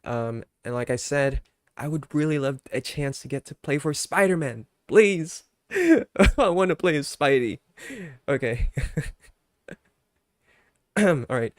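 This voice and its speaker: Young man streamer, higher-pitched dry voice. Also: lively intonation, slow pace, pauses often, no room sound. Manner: mock-angry outbursts then laughing apologies to chat. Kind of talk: casual live-stream chat.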